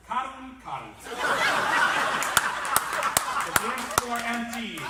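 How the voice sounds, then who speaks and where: A man roasting a guest of honour, spinning comic stories with lively acted-out bits. His voice sits a touch high. It rings around a large, echoing banquet hall, heard from well off the mic, with a steady hiss in the room. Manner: lively storyteller, acts out the characters. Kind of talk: comic storytelling speech. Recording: echoey hall, distant mic.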